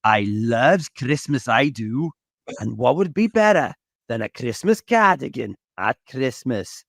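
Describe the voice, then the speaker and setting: A man voicing a jolly male snowman, in a drawn-out, sing-song way, recorded for an animated character. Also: medium pitch, gravelly, no room sound, studio quality, heavily acted.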